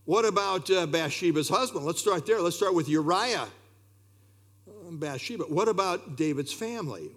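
A man preaching a sermon, expressive and full of rhetorical questions, with occasional fillers. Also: fairly high pitch.

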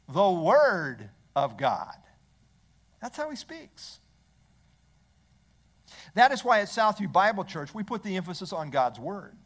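Man, pastor, church sermon, high voice, very lively pitch, rhetorical questions. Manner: animated preaching, rhetorical questions to the congregation.

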